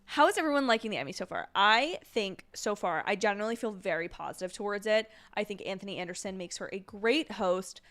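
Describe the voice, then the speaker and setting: A young woman chatting through a live watch-along from home, talking into a desk mic. She rambles easily and drops quick apologies as she goes. Her voice sits at an ordinary middle pitch and carries a sleepy edge. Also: lively intonation, a bit bright. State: sleepy, yawning. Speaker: livestream host. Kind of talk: casual watch-along chat.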